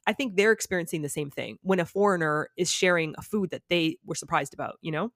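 A woman's voice: fairly low pitch, fast talker, no echo. Woman, podcast guest, casual storytelling, chatty, lots of "like", dry close-miked sound. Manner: animated storyteller, says "like" a lot. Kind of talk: casual chat.

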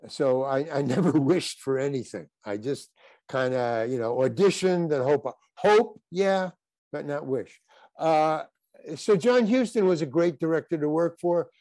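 An older man tells a guest's stories in a relaxed interview, starting over mid-sentence and wandering off track. His voice sits a bit high for a man and sounds close and dry, with no room around it. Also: dry recording. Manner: rambling anecdotes with halting restarts. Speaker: guest actor. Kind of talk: casual interview storytelling.

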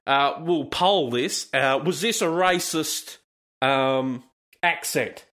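A man's voice: a little high, slow, a bit bright. A man hosting a casual solo podcast, commenting on news in a profane, rambling, jokey way. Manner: profane, laughing, wandering commentary. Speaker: podcast host.

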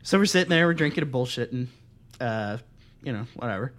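A man's voice: medium pitch, a little fast. A young man hosting a podcast, telling a long, profane story in casual chat and acting out what people said. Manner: profane, animated, acts out quotes in other voices. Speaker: podcast host.

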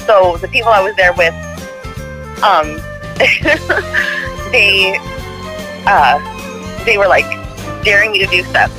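A woman hosting a podcast in casual chat, an animated storyteller who laughs along. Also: mid-range voice, slow, pauses often, music in the background, low-quality recording. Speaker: podcast host.

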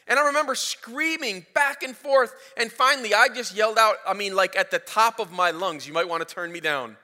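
A man in his thirties preaching a sermon as a pastor, telling a story in an animated way, his voice rising as it builds. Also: sits high, fairly quick, slight background noise. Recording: reverberant hall.

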